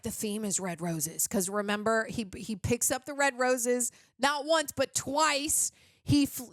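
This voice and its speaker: A woman with a fairly high voice gives a rambling, animated movie reaction, full of asides and fillers. The sound is close and dry, with no room in it. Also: no echo. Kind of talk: casual movie reaction commentary.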